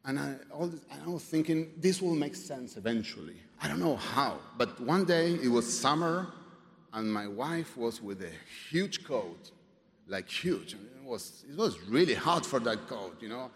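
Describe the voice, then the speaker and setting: A man sharing his personal story at a recovery meeting, halting, with many fillers, restarts and swearing, and some wry humor. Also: mid-range voice, very animated. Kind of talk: personal testimony. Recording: reverberant hall, faint background noise.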